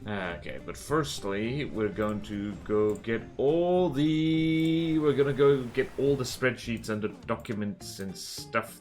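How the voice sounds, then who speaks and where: A man chats casually through a live game stream, his voice sitting at an ordinary middle pitch. He rambles from one thought to the next and pokes fun at himself as he goes. Faint guitar music plays softly in the background. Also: slow, few pauses. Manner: rambling, self-mocking and jokey. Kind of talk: casual live-stream chat while playing.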